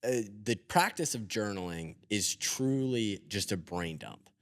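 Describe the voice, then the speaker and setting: A man hosting a podcast, talking in a thoughtful, halting way with many restarts. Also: on the low side, expressive, a bit bright, no room sound, studio quality. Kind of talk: conversational podcast interview.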